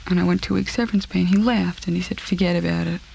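A woman recounting a personal ordeal in an interview, speaking in a halting, subdued way and repeating herself. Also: fairly low pitch, steady tone, vocal fry, a little mellow, a little hiss or hum.

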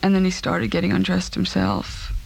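A woman recounting a personal ordeal in an interview, speaking in a halting, subdued way and repeating herself. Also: on the low side, little pitch movement, vocal fry, darkish tone.

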